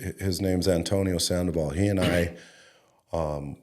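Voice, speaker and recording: A man's voice: low voice, steady tone, unhurried, darkish tone. A middle-aged man from Denver, a head coach being interviewed, telling stories loosely and chattily with fillers and a bit of swearing. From Denver, Colorado, USA. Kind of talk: casual interview storytelling.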